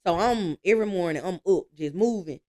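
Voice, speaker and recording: A woman, telling stories with lively energy and easy laughs as a guest in a casual interview. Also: fairly low pitch, a little fast. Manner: lively storytelling, laughs easily.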